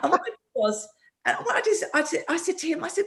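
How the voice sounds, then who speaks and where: A woman hosting a live online talk as a coach, animated and often restarting her sentences over a video call. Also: very high voice, quick pace. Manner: animated, with many repeated restarts. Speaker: host and coach.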